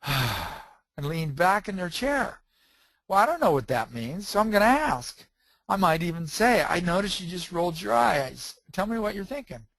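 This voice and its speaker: A man who is an author and trainer, telling stories in a lively way and acting out the quoted dialogue. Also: a little high, no echo, rough recording. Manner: animated storyteller, acts out quoted dialogue. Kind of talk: storytelling talk.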